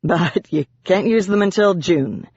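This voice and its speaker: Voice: medium pitch, measured pace, darkish tone, breathy edge, no echo. An audiobook narrator voicing an earnest young man, a sheepish brother, on a dull and dry recording.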